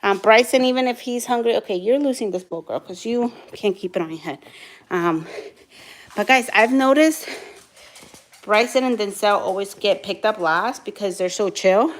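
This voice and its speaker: A woman's voice: mid-range voice, moderate pace. A young woman vlogging as a mother of quadruplets, chatting casually and switching to soothing baby talk. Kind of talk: casual vlog chat.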